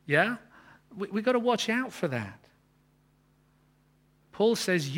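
A man preaching a sermon, earnest, building to emphatic peaks and then dropping low. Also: lively intonation, measured pace, pauses often, fairly bright tone.

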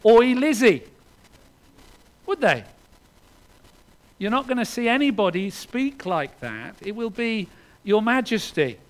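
Earnest preacher, high voice. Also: male voice, poor audio. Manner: earnest, swinging between loud emphasis and hushed lines, with restarts. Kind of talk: sermon.

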